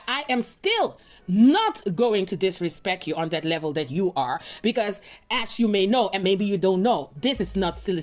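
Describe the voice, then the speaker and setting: A young adult woman giving casual gossip commentary as a news-style vlogger, playful and sassy, often laughing and tossing out rhetorical asides. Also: medium pitch.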